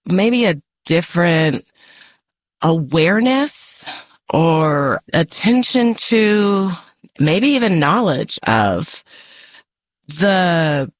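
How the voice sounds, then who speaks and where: A woman poet from the American West answers interview questions slowly, thinking aloud. Her manner is measured and reflective, with soft laughs along the way, and the sound is close and dry. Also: on the low side, no echo. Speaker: author and poet, interview guest.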